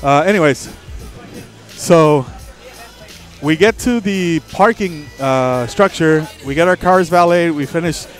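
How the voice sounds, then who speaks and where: A man hosting a livestream, telling a story in a profane, animated way, with faint music behind. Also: a little high, slow, some chatter behind. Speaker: livestream host. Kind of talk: casual storytelling on stream.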